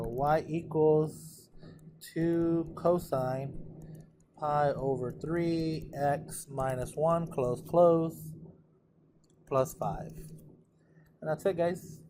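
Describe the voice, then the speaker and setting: A man's voice: on the high side, background noise. Casual man walking through math problems. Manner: casual, thinks aloud while working problems. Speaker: math teacher. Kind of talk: recorded exam walkthrough.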